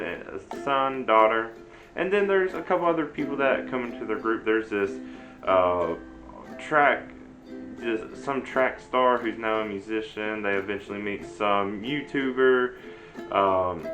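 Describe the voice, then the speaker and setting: A man's voice: mid-range voice, a bit bright. A man giving a casual, rambling spoken review of a show, chuckling often as he chats. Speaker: anime reviewer. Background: faint ukulele music.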